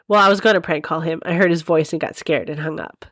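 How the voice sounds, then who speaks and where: A woman's voice: low-pitched, fast, a bit bright, dry recording. Giggly woman podcaster rambling thru a story, laughing a lot, dry close sound. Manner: giggly, rambling, laughs often mid-sentence. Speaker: podcast host.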